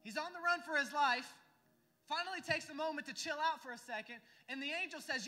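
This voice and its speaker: A man's voice: extremely high pitch, a little fast, pushed and bright. A young adult man preaching a sermon as pastor, emphatic and full of rhetorical questions to the congregation. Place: church sanctuary. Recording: church hall reverb.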